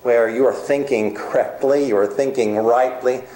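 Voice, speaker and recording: A man delivering a sermon, earnest and emphatic, slowing down for key points and speeding up in others. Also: mid-range voice, steady tone, warm tone, reverberant, rough recording. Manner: earnest, emphatic preaching with varied pace. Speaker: preacher.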